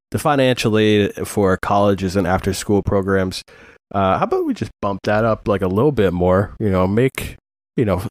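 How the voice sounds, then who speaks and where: A man's voice: deep voice, no echo. A man hosting a podcast in casual chat, rambling and swearing, with many fillers. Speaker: podcast host.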